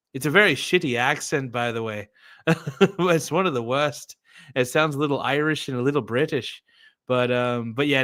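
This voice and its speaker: A man's voice: medium pitch, a bit bright. Chill guy on a podcast, swears a bunch, says dude all the time. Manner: laid-back, swears a lot, says dude. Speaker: podcast host. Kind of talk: casual chat.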